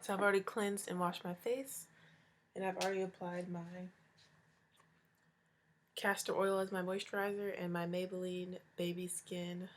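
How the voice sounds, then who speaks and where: A young woman in her twenties talks through a casual makeup tutorial at home in the early morning. Her voice sits a little low and sounds congested. She chats in an upbeat, talkative way. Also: little pitch movement, moderate pace, long pauses, a little hiss or hum. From Hawaii. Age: 20s. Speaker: beauty vlogger.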